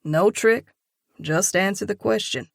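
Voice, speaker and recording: A woman reading an audiobook and voicing a grounded young man who talks in a calm, encouraging, lightly teasing way. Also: medium pitch, measured pace, creaky, dry recording, studio quality. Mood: coaxing. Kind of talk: audiobook dialogue.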